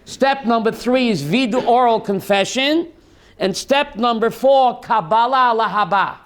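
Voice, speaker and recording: A man teaching a lively Torah class as a rabbi, asking his listeners questions and mixing in Hebrew terms. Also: extremely high pitch, a little slow. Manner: animated, asks the audience questions, mixes Hebrew terms.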